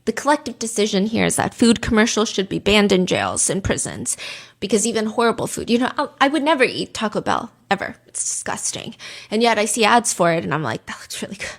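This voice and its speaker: A woman's voice: medium pitch, sing-song, fairly quick, gravelly. A woman hosting a true crime podcast in casual chat, talking dramatically with many fillers.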